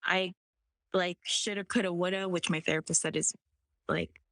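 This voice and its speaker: A woman's voice: on the low side, steady tone, moderate pace, fairly bright tone, no room sound, clean studio sound. A woman guest on a podcast, talking casually and using 'like' as a filler again and again. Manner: chatty, heavy use of 'like' as filler. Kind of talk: casual conversation.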